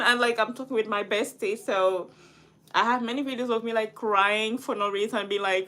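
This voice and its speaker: A woman in her early twenties tells a personal story in a vlog, her voice a little high, brisk and sharp. She rambles, restarts and says "like" constantly.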